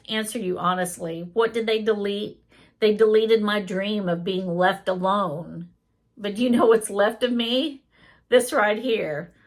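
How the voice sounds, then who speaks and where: A woman's voice: mid-range voice, gravelly. A woman reading a sarcastic male AI chatbot. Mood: probing.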